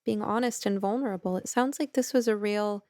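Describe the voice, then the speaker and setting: A woman, a therapist who hosts a podcast, reflecting on a guest's story in a measured, affirming way. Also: mid-range voice, a little mellow, no echo, clean studio sound. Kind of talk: reflective interview commentary.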